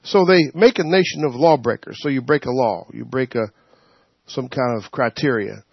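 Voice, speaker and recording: A man leading a Bible study, preaching informally in an animated way, laughing and acting out quotes. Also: mid-range voice, normal speed, creaky, slightly rough, dry recording. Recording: dull, muffled sound.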